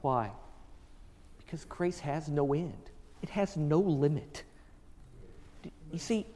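A man preaching a sermon, telling the story dramatically and swinging from hushed low phrases to emphatic raised lines. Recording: long reverb of a large hall.

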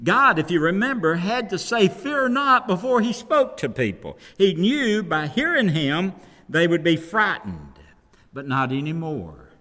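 Slow, lively-pitched preaching man. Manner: slow, emphatic preaching with scripture quotes. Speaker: pastor. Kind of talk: sermon. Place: church sanctuary. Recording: long reverb of a large hall.

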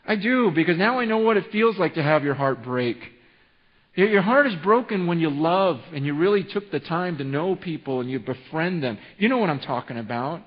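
A man's voice: on the high side, animated, normal speed. A man around forty from California, preaching a sermon as a pastor, telling an emotional story full of restarts. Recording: reverberant hall, dull sound.

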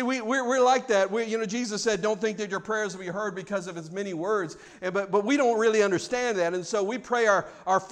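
A man preaching a sermon, swinging between loud, mock-formal prayers and quiet, reflective stretches. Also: sits high. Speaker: pastor.

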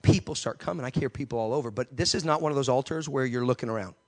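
A man preaching a sermon, telling an animated story and acting out the voices in it. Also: medium pitch, quick pace.

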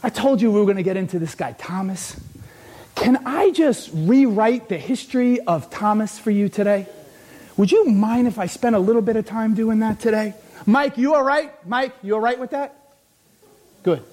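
A man preaching a lively sermon in a church hall with bleachers. His voice sits very high, and he often breaks into shouts as he tells funny stories about himself. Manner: animated, often shouting, joking storyteller. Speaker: pastor.

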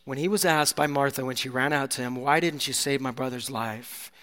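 A male pastor preaching a sermon with passion, swinging from soft, hushed moments to loud, climactic peaks. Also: medium pitch, brisk. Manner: impassioned, builds to loud climaxes, drops to soft near-whispers. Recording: long hall reverb.

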